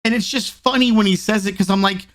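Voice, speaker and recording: A male podcast host in casual chat, talking in an animated way and mimicking others when he quotes them. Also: high-pitched, quick pace.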